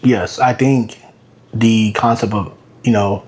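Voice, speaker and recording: In his thirties, this bodybuilder and coach talks casually on a podcast in a lowish voice at a slow pace. He's an animated storyteller who acts out the voices of his clients.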